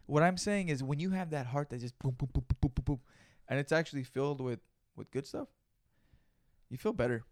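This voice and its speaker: A man co-hosting a podcast in loose casual chat, swearing freely, with a squeaky laugh. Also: expressive, fairly quick, a little mellow, no echo, clean studio sound. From Mexican heritage. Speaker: podcast co-host.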